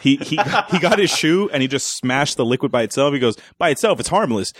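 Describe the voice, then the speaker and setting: A man's voice: mid-range voice, animated, a little fast, a bit bright, no echo, clean studio sound. A man co-hosting a casual movie podcast, retelling the plot step by step and laughing often. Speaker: podcast co-host. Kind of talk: casual movie review chat.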